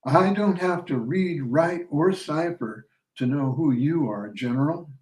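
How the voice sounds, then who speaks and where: A man reading as a sharp-tongued young barmaid. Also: a little high, a little slow, lightly acted. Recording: roomy sound from a distant mic.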